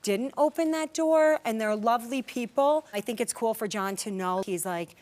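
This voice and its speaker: This reality show cast member's voice is a little high and a little mellow, at normal speed. Chatting casually on a talk show about something personal, she leans on "like" fillers and acts out what people said.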